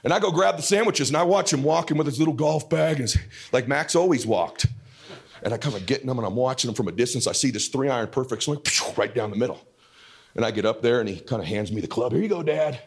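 Ein Mann, der aufgeregt und lebhaft eine Geschichte erzählt, oft flucht und immer wieder laut wird. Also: male voice, mid-range voice, fast talker, gravelly, slightly rough. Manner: animated, swears freely, bursts into shouting. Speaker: father telling a story. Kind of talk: excited storytelling.

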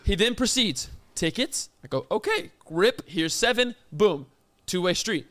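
High-voiced man telling a rant. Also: measured pace. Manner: animated, indignant storytelling with acted-out quotes. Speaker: podcast co-host. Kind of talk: casual storytelling chat.

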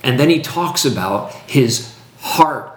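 A man's voice: mid-range voice, expressive, takes it slowly. Emphatic man teaching, roomy echo. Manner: emphatic, preacherly build-ups with repetition. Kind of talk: teaching conversation.

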